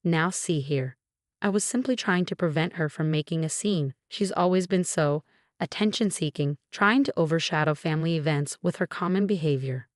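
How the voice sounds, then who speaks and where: Woman reading a condescending older mother-in-law: low, dry, icy, dismissive. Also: normal speed, no room sound, lightly acted. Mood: cold.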